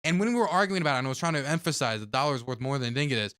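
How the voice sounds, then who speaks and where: A man's voice: mid-range voice, expressive, racing, a bit bright, smooth. A man co-hosting a live stream in casual chat, joking sarcastically about what they watch. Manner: sarcastic, mocking. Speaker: streamer, co-host.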